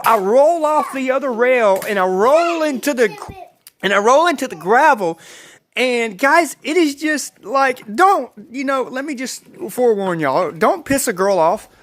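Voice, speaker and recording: A man's voice: high-pitched, fairly bright tone. Man, vlogger, casual storytime, rambling, profane, talks to viewers.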